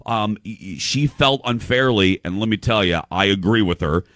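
A man hosting a show in casual chat, telling a story with quick restarts and quoting what others said. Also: lowish voice, fairly bright tone, no echo, clean studio sound. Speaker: show host.

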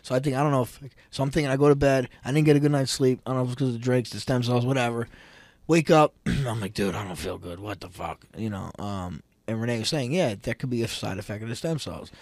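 A man, a wrestling coach hosting a casual chat, telling stories animatedly and acting out quotes with sudden loud outbursts. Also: mid-range voice, fast, dry recording. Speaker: podcast host, wrestling coach.

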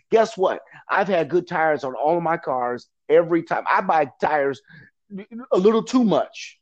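High-voiced earnest man on lo-fi audio. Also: lively intonation, normal speed. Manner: earnest, repetitive, preacherly, laughs often. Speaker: guest. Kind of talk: motivational talk in an interview.

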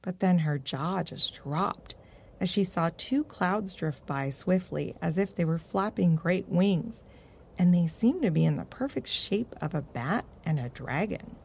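A woman narrating a children's storybook in a gentle, measured way. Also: lowish voice, expressive, vocal fry, slight background noise.

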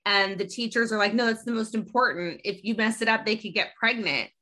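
A woman hosting a casual podcast chat, retelling a sitcom episode in a lively storytelling way with quick asides. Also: medium pitch. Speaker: podcast host.

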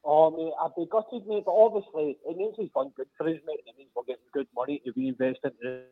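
A man calling in to a football chat show, talking fast and chatty and saying "mate" all the time. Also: fairly high pitch, breathy edge. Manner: chatty, says "mate" constantly. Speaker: phone-in caller. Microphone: phone. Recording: tinny phone line.

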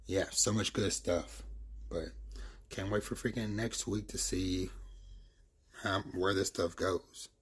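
A man's voice: deep voice, steady tone, takes it slowly, pauses often, slightly rough. A man giving a casual, rambling recap of a manga chapter, full of fillers and the word "freaking". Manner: loose and rambling, filler-heavy, says "freaking" a lot.

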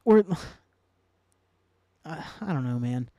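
A man's voice: on the high side, expressive, drawn-out words, warm tone, no room sound, lo-fi sound. A man hosting his own solo podcast, talking casually and ranting heatedly, swearing a lot and rambling with many fillers. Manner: heated, profane, rambling with frequent "like". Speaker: podcast host.

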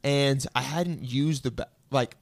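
Chill young guy spinning a story for his buddies, mid-pitch voice, dry close mic. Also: measured pace, vocal fry, no room sound. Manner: laid-back, self-mocking, quotes people in dialogue. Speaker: podcast co-host telling a story. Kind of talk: casual storytelling among friends.

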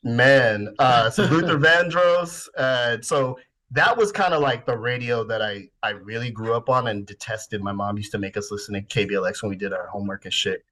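A man in his forties from the Bay Area, reminiscing in casual podcast chat, relaxed and swearing now and then. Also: mid-range voice, normal speed. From San Francisco Bay Area. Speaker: podcast host.

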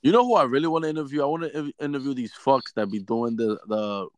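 A man co-hosting an uncensored podcast, telling stories in loud, profane banter. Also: medium pitch, quick pace, no room sound. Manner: animated, profane storytelling. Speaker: podcast co-host.

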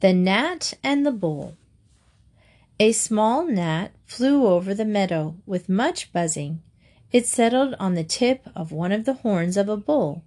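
A woman narrating a storybook in a calm, clear reading voice. Her pitch sits at a middle level, steady and even throughout.

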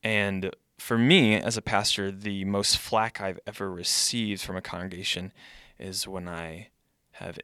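A man's voice: low-pitched, flat delivery, measured pace, bright, forceful tone, smooth, no echo, studio quality. A man who is a pastor and podcast host, speaking in a conversational podcast monologue and thinking aloud.

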